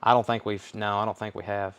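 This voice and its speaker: A man with a Southern US accent hosting a live online record sale, calling out album titles, prices and the names of buyers in a folksy, unhurried way. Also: fairly low pitch, level tone, fairly bright tone. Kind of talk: live-stream sales patter.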